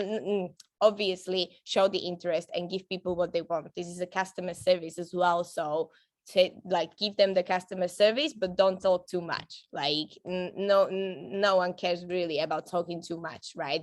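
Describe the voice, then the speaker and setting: A woman with a lowish voice, recorded with no room sound, gives her team a casual, upbeat training talk. She's a network marketing trainer who chats freely, laughs often, and fills her speech with fillers and restarts.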